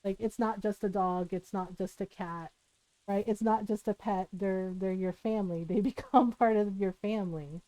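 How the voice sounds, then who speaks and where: A woman's voice: mid-range voice, steady tone, normal speed, warm tone, dry recording, rough recording. Chatty woman telling a family story. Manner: chatty, rambling, many fillers and laughs. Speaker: livestreamer. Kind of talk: casual storytelling while streaming.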